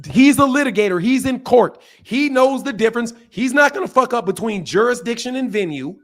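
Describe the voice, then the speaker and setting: A man's voice: very high voice, animated, brisk, fairly bright tone. A man hosting a boxing debate stream, combative and blunt, swearing and repeating himself as he talks over the other speaker. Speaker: boxing channel host. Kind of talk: heated live debate.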